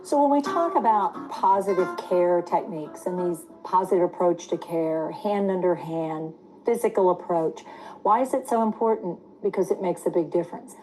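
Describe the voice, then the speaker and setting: A woman's voice: fairly low pitch, moderate pace, mellow, soft background music, poor audio. A woman teaching dementia care techniques in a webinar, speaking emphatically and acting out short apology phrases as examples.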